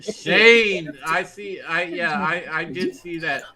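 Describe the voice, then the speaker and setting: A man's voice: high-pitched, slow pace, pushed and bright. A man on a group podcast reading out listener comments in a casual, chuckling way.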